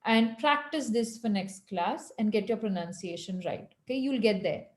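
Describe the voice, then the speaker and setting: A woman's voice: medium pitch, expressive. Patient woman teaching on an echoey call. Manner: patient, corrective, slow when modelling French. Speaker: French teacher. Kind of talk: online language lesson. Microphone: video call.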